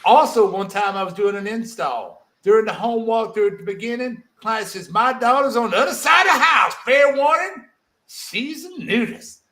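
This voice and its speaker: A man's voice: extremely high pitch, animated, moderate pace, voice pushed up, heavily acted. A man reading a story aloud in an exaggerated, drawling Southern US accent as a rowdy service tech. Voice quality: loud, whooping, drawling.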